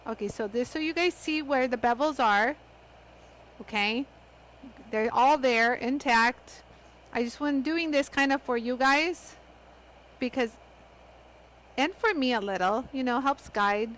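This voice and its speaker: A woman hosting a live craft demonstration, chatty and excitable, talking straight to her viewers as she works. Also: high-pitched, unhurried, long pauses, low-quality recording. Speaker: host of a live lapidary demo.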